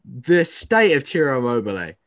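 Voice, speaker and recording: A man's voice: medium pitch, very animated, normal speed. A young man hosting a casual football chat podcast, teasing his co-host and swearing freely.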